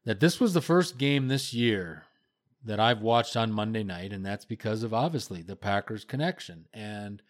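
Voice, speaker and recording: An older man hosting sports talk, giving a blunt, opinionated rant that gets louder as he heats up. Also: on the low side, expressive, normal speed. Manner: blunt, ranting critique, voice rising when heated. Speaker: sports radio host.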